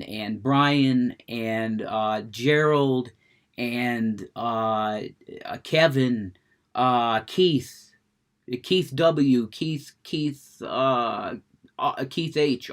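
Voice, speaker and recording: A man's voice: mid-range voice, fairly bright tone. A man rambling about video games in a casual monologue, stammering, restarting sentences, cursing freely. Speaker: gaming vlogger.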